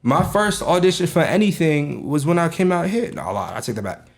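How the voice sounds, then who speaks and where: A man's voice: a little high, sing-song, a little fast, creaky. A young man with a New York accent, a podcast co-host in casual, laughing chat among friends, swearing freely. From Jamaica, Queens, New York.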